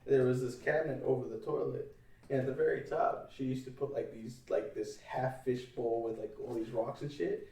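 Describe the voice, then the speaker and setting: A man's voice: medium pitch, steady tone, moderate pace, mellow, distant mic. A man chatting casually on a podcast, telling a long story in a rambling way, with plenty of swearing and laughter. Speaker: podcast host. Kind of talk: casual chat. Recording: roomy, off-mic sound.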